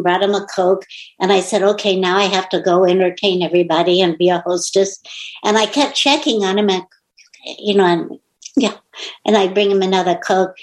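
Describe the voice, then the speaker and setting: A middle-aged woman author, interviewed in casual conversation, tells a personal story and acts out the quoted lines as an animated storyteller. Her voice is medium-pitched, and the recording is rough.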